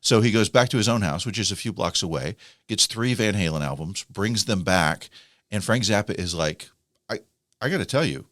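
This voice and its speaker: Animated storytelling male podcast host. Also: lowish voice, normal speed, no echo, clean studio sound. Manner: animated storyteller, acts out quoted voices. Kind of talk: casual storytelling chat.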